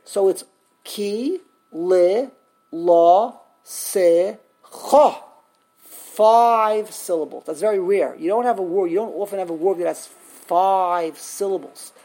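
A woman with a mid-range, slightly mellow voice teaches a text study class. She explains grammar and slowly sounds out words syllable by syllable, often restarting.

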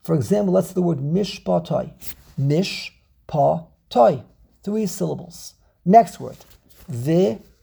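Male Torah teacher on a video call, dark and raspy tone, drills pronunciations. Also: sits high, animated, normal speed. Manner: repeats words, drills pronunciations aloud. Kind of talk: online Torah class.

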